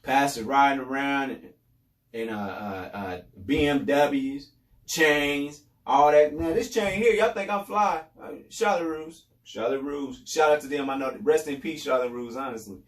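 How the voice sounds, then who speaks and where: A man's voice: mid-range voice, measured pace, distant mic. Man talking loosely in an echoey room. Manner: loose, repetitive, sarcastic asides. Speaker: podcast host. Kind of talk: casual commentary monologue.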